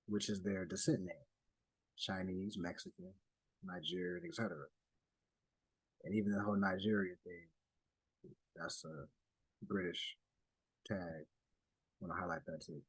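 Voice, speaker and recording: A low-pitched, slightly slow man with long pauses, a little mellow and breathy at the edge, heard in a dry, low-quality recording. Talking over slides, he presents a document to a study group casually and conversationally, with asides, restarts and direct address.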